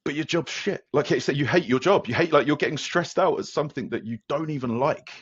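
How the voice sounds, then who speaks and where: A man who works as a fitness coach, chatting as a podcast guest, telling stories in a rapid, animated way with lots of restarts. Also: on the high side, husky, dry recording. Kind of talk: casual podcast conversation. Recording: dull, dry lo-fi sound.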